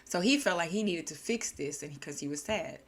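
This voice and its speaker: A woman's voice: lowish voice, animated, fairly quick, gravelly. A young woman casually retelling a short story in her own chatty words, with restarts and slang. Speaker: storyteller and channel host.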